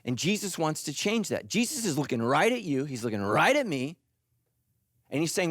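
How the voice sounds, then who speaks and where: A middle-aged male pastor preaching a sermon in an animated, joking way, acting out little voices. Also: on the high side, moderate pace, pauses often, dry recording, studio quality. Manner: animated, jokey, acts out voices.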